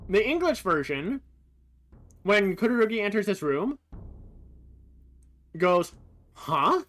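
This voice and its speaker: A streamer giving casual commentary over gameplay, comparing translations in a thoughtful, halting way with frequent pauses to sort out thoughts. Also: medium pitch, sing-song, fairly bright tone. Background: faint game music.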